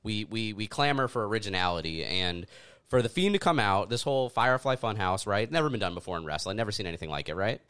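A man's voice: fairly low pitch, expressive, fast talker, fairly bright tone, clear, resonant tone. A man co-hosting a casual podcast, talking enthusiastically as a fan. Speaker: podcast co-host.

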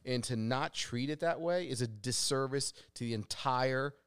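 A man's voice: mid-range voice, moderate pace, a bit bright, clean tone, no echo, clean studio sound. A man who is a guest on a podcast, talking bluntly and with animation in casual chat.

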